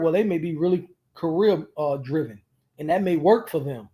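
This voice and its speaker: A man co-hosting a casual chat with his partner, pitched a little above other men. He tells stories animatedly, in colloquial speech with many restarts and repeated words. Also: a little fast, a little mellow. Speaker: co-host.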